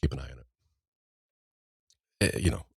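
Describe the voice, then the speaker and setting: A man's voice: normal speed, dry recording, studio quality. A man hosting a casual news podcast, rambling and wry, often trailing off mid-sentence. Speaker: podcast host.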